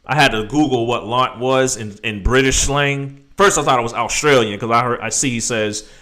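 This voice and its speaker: A man's voice: mid-range voice, normal speed, few pauses, pushed and bright. A man hosting a live stream, talking casually and rambling animatedly to his viewers.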